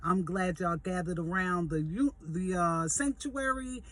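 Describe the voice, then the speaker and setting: A woman in her fifties, a vlog host, telling a personal testimony in a lively, jokey, conversational way and speaking straight to her listeners. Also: fairly low pitch, a little slow. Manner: animated, jokey storyteller who acts out quoted voices; conversational, addresses listeners directly. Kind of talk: storytelling testimony.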